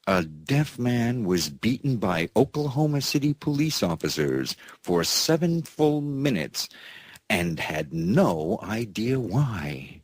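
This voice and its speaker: A slow, husky-voiced man hosts a sarcastic alternative news roundup, his low pitch swooping up with mocking glee. He reads headlines in a folksy, mocking way, laughing at the stories. The recording is close and dry. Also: sing-song, no echo. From United States. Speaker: news show host.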